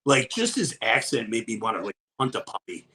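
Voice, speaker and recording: A man's voice: mid-range voice, sing-song, fairly quick, bright, forceful tone. A man co-hosting a casual podcast, talking in a blunt, profane, rambling way. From Wisconsin. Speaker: podcast co-host. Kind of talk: casual chat.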